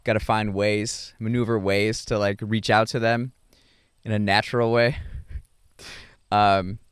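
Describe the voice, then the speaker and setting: A young adult man hosting a podcast, talking through his thoughts in a rambling, halting way with many fillers and restarts. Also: lowish voice, flat delivery, clean tone, dry recording, clean studio sound. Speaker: podcast host. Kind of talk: casual reflective monologue.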